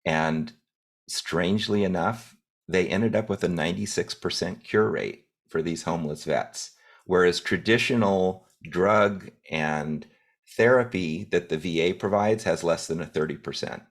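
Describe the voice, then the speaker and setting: Deep-voiced man giving a direct talk. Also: a little slow. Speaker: guest speaker. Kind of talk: business talk to a group.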